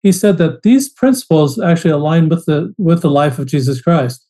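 Earnest man with a mellow, fairly high voice. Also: moderate pace, rough recording. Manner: earnest, repeats and restarts phrases. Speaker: podcast guest. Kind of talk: casual interview storytelling.

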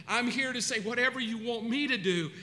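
A man's voice: very high-pitched, brisk, pushed and bright. A man preaching a passionate, dramatic sermon who acts out his own prayers. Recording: long reverb of a large hall.

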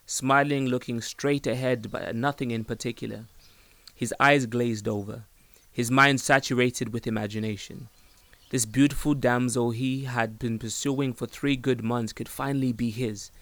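A man narrating a story in a calm, even storytelling manner. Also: mid-range voice, no echo.

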